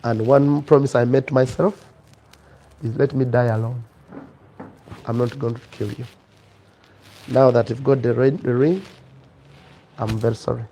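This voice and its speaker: A man voicing a remorseful young husband saying farewell, quiet, low and pleading. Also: fairly even intonation, moderate pace, long pauses, slight background noise, close to an everyday voice, rough recording. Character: remorseful dying young husband, soft and tender.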